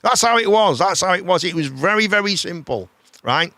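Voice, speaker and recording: A man hosting a live chat show, rambling in a casual, animated way and swearing freely. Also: high-pitched, brisk, no echo.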